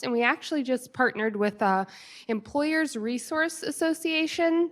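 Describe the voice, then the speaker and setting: A woman with a fairly high voice gives upbeat, chatty announcements at a town hall meeting. She talks warmly and informally about staffing news. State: out of breath. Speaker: community staff manager.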